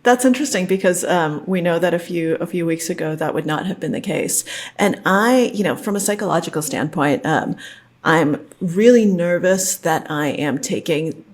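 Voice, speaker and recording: A woman's voice: on the low side, normal speed. A woman in her thirties co-hosting a podcast, talking earnestly and openly, often breaking into laughter. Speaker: podcast co-host. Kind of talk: casual conversational chat.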